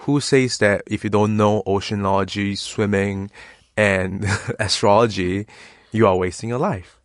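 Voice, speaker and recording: A woman's voice: rumbling low, fairly even intonation, a little slow, dry recording, clean studio sound. A woman hosting a casual chat, curious and questioning, laughing along.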